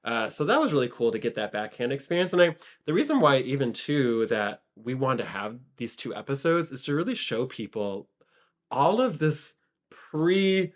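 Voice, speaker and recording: A young man with a Michigan accent chats casually as a podcast co-host. He tells his stories with energy and jumps up in pitch when he acts out quoted lines. His voice sits at an ordinary middle pitch. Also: big pitch swings, normal speed. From Michigan, USA.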